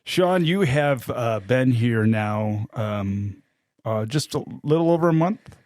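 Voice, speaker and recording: A man's voice: medium pitch, animated, darkish tone, no echo, clean studio sound. Laughing, teasing man with a faint Chicago accent. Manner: laughs often, teasing, halting with fillers. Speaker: podcast co-host. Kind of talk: casual podcast chat.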